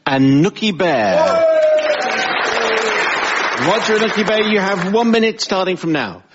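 A man hosting a comedy panel show, briskly announcing rounds and scores. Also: sits high, very animated, a loud crowd, very noisy. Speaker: game show host. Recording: muffled audio, loud studio audience.

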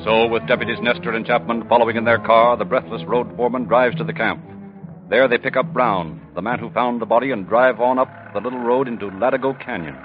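A man narrating a 1940s radio drama in a measured, ominous manner. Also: medium pitch, fairly even intonation. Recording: dull old radio recording with music.

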